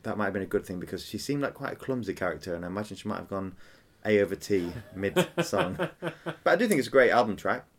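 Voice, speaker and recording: Man, very low voice, podcast co-host, enthusiastic, chatty, casual. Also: lively intonation. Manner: enthusiastic, chatty, quick to laugh. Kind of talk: casual chat.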